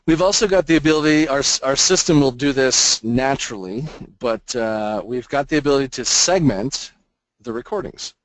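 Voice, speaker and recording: A man presenting a software product demo in a webinar, explaining features in a casual, filler-laden way. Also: mid-range voice, moderate pace, no room sound, low-quality recording.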